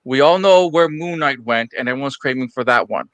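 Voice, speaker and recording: A man's voice: mid-range voice, brisk, a bit bright, dry recording. A man hosting a casual pop culture panel podcast, steering the talk and handing turns to the other panelists. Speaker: podcast host.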